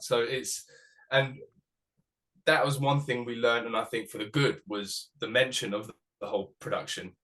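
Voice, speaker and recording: A musician being interviewed, talking casually with many restarts and the odd swear word. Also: male voice, medium pitch, fairly bright tone. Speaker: musician guest.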